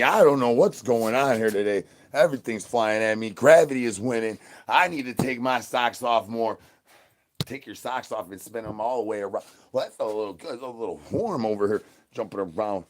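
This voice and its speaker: A man rambles through a live phone stream in a mid-pitched voice, reeling off crude slang and sing-song rhyming catchphrases. He jumps from loud shouts down to low mutters without warning. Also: brisk, slight background noise. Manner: swings between loud bursts and mutters. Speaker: livestream host.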